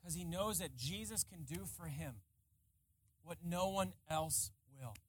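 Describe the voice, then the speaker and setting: A male pastor preaching a sermon, retelling a story dramatically and swinging between loud and hushed. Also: fairly high pitch, animated, unhurried, slightly rough.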